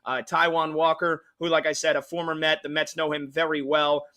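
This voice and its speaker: Betting radio guy, bright voice, lots of uhs, walking through his over pick. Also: fairly high pitch, flat delivery, a little fast. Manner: rambling, with many fillers and restarts. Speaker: sports betting radio host. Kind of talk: casual betting analysis.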